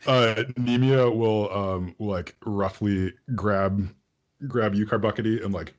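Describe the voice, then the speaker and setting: A man's voice: fairly low pitch, fairly even intonation, takes it slowly, lo-fi sound. A man narrating a tabletop game as game master, hesitant, with many fillers and a lot of amusement.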